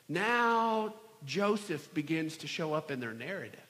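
A man preaching a sermon in a church, acting out the scripture scenes with shouts and playful voices. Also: on the high side, animated, normal speed, few pauses, in a large hall. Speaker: pastor. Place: large church hall.

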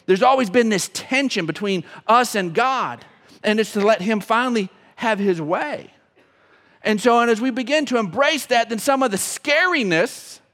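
A man preaching a sermon as pastor, emotional, swinging from loud to hushed. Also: very high-pitched. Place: church sanctuary. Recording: long reverb of a church hall.

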